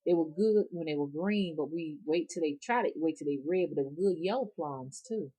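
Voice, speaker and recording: A middle-aged woman with a Southern US Alabama accent tells stories of her childhood in a folksy, meandering way. Her voice sits on the lower side, and she circles back and repeats herself as she goes. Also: fairly quick, warm tone, breathy edge. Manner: folksy, meandering, with repetitions and digressions. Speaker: rootworker and storyteller. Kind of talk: casual spoken storytelling.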